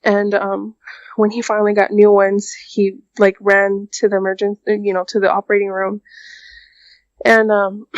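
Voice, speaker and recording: A woman guest on a podcast telling a personal story in a halting, quiet way, full of "like" and "um". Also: mid-range voice, no echo, dull audio.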